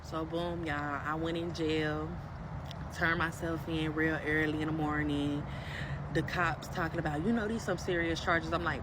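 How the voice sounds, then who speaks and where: A woman telling her own story in a casual, emphatic and animated way, talking straight to her viewers. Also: sits low, unhurried. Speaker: storyteller in a played clip. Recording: street noise with passing vehicles.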